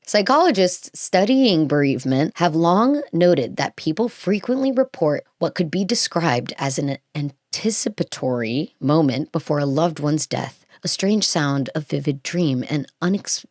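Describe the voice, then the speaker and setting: Chatty low-voiced woman podcast host. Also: animated, normal speed, darkish tone, no room sound, studio quality. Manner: chatty, gushing, many fillers and asides. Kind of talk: casual chat reading and reacting to a script.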